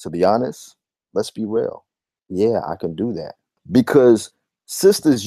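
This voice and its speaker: A man's voice: lowish voice, expressive, unhurried, warm tone, slightly rough, dry recording, studio quality. A man giving a heated vlog rant, emphatic and repetitive, with blunt profanity. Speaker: YouTube commentator.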